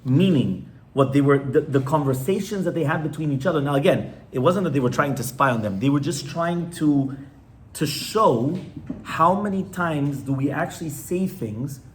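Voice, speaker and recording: A rabbi with a slightly high, animated voice teaches an informal class to a live audience at a moderate pace. His style is conversational, and he often pauses to put questions to his listeners.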